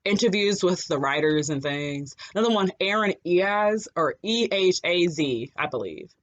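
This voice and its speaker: A podcast co-host in a casual chat, talking in an animated, rambling way with many fillers and quick laughs. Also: mid-range voice, highs cut off.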